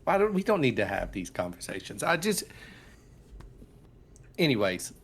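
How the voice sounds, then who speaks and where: A man's voice: mid-range voice, sing-song, moderate pace, breathy edge. Earnest, rambling male player. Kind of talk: in-character tabletop role-play.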